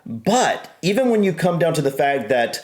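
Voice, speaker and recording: A man co-hosting a reaction video in casual chat, animated and rambling with restarts. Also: a little high, normal speed. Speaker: reaction channel co-host.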